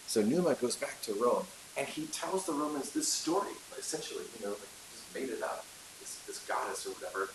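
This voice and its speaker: A man's voice: on the low side, lively intonation, fairly quick. A man teaching a class in a chatty storytelling way, with many fillers and asides, recorded in an echoey room with hiss. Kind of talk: casual classroom lecture.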